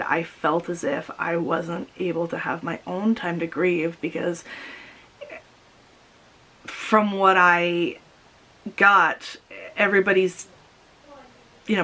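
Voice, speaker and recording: A young woman vlogging about her grief, speaking while crying, halting and repeating herself. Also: on the low side, sharp tone, rough recording. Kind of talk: personal confessional vlog.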